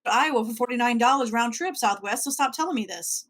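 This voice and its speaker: A woman's voice: fairly high pitch, brisk, fairly bright tone. A woman co-hosting a casual podcast interview, laughing often and wry. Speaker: podcast co-host.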